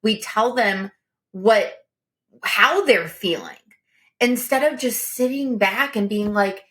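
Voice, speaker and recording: A woman in her thirties co-hosting a coaching podcast, telling stories in an earnest, lively way. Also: mid-range voice, takes it slowly. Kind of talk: casual coaching talk.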